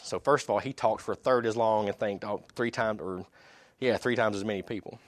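A man with a lowish voice reads long passages from articles to an audience, breaking off for his own asides and stumbling restarts. The sound is dry and close, with little room in it. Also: a little fast, dry recording. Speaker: speaker reading articles to an audience. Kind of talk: sermon-like talk reading aloud from articles.

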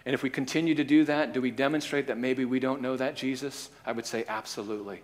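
A man preaching a sermon, acting out the voices of a parable, shifting between loud and soft. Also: mid-range voice, fairly even intonation, quick pace, long reverb tail. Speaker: pastor.

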